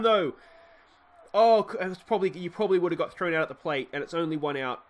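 An Australian let's play host gives excitable play-by-play commentary on a baseball sim game, swinging from muttered asides to shouted cheering into a desktop microphone. His voice is fairly high and his pace quick.

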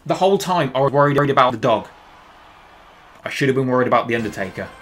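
A man streaming live gameplay, reacting with excited, jokey commentary. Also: mid-range voice, quick pace, slight background noise. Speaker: game streamer.

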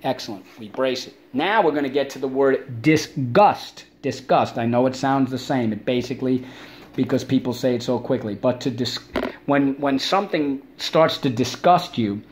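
A man teaching an online spelling lesson for kids, drilling words with call-and-repeat chants and leaping into playful high asides. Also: moderate pace, darkish tone, slight background noise.

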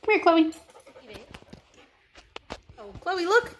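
A woman's voice: very high voice, sing-song, extremely slow, long pauses. A woman, filming a casual vlog as a pet sitter and talking to dogs in sing-song baby talk.

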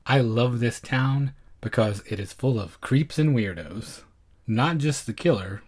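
A man's voice: medium pitch, expressive, a little slow, darkish tone. A man co-hosting a film podcast, chatting casually with wry, dry jokes. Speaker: podcast co-host.

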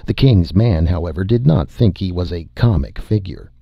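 Deep-voiced, husky male audiobook narrator. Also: expressive, moderate pace, no echo, lo-fi sound. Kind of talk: scripted narration.

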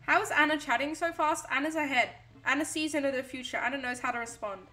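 A woman's voice: high-pitched, quick pace, pushed and bright, soft background music. A young woman streaming a game, chatting casually to herself and reading chat aloud. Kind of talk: casual live-stream chatter while playing a cooking game.

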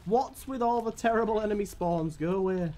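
A man giving live gameplay commentary as a streamer, swearing often and swinging between weary groans and excited yelps. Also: high voice, a little fast.

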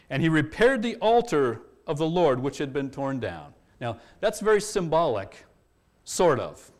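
A man preaching a sermon, explaining a Bible passage verse by verse and acting out its quotes with energy. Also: mid-range voice. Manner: expository preaching, animated when quoting scripture. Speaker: pastor.

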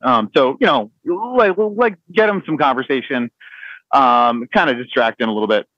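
A man's voice: mid-range voice, lively intonation, moderate pace, no room sound, muffled recording. A man telling a navy story on a podcast in a rambling, laughing way, full of fillers and restarts. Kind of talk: casual storytelling among friends.

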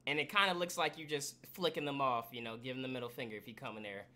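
A man roleplaying in a crime game, animated and exasperated, laughing often. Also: mid-range voice, fast. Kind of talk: in-character game roleplay chat.

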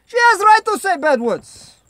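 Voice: extremely high pitch, very animated, unhurried, fairly bright tone, no room sound, exaggerated voice. A performer putting on a Russian-accented home vlogger who rambles in broken English, making jokey asides. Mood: chatty. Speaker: vlog host. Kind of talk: comedic home vlog monologue.

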